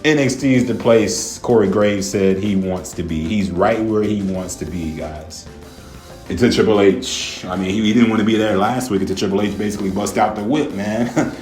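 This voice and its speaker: A man's voice: lowish voice, moderate pace, a little mellow. A man giving casual, profane ranting commentary, laughing often and peppering his talk with "man", "bro" and "y'all". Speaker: wrestling commentary vlogger. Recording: echoey room, faint music.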